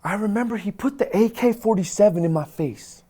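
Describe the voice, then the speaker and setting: A man from the United States telling a personal story to camera, acting out what people said and dropping into a hushed voice for tense moments, with Arabic phrases mixed in. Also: high voice, brisk, husky. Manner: dramatic retelling, acts out quoted lines and drops to hushed tones.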